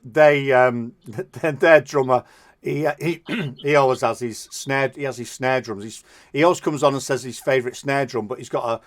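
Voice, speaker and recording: Bloke hosting a radio show, chatty and upbeat, keeps saying love it. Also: male voice, mid-range voice. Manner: upbeat, quick praise, chatty asides. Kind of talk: casual radio interview.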